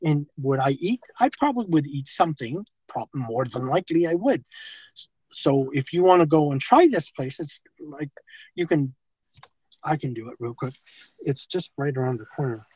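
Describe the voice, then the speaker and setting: A middle-aged man talking in a halting, rambling way with nervous laughter. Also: fairly high pitch, animated, a little mellow, breathy edge, poor audio. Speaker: confronted man. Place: parked car outside a fast-food restaurant.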